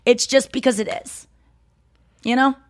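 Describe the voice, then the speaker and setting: A woman co-hosting a chatty podcast, her voice sitting a little high and recorded dry and close. She rambles and cuts herself off, piling up quick asides as she tells a story. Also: dry recording. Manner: rambling, self-interrupting, animated. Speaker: podcast co-host. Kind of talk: casual chat.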